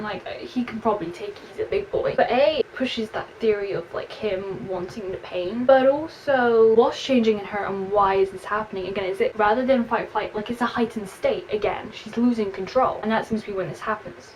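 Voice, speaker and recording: A young woman with an English accent, chatting expressively through a book review and reading passages aloud, with frequent "like" fillers. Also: mid-range voice. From England. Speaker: book vlogger. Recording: slightly distant mic with faint room noise.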